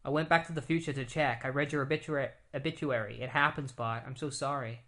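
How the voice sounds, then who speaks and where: Grieving grandmother figure, lines read quietly and subdued, by a man recapping a comic. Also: medium pitch, fairly even intonation, fairly quick, natural voice. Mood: sorrowful. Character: grieving grandmother who foresaw a death.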